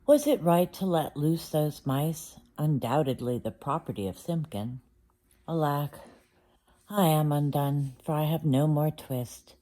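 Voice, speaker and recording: A woman's voice: deep voice, measured pace, dark tone. A woman voicing a poor old male tailor who mumbles and frets anxiously. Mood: fretful. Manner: mumbling, lamenting.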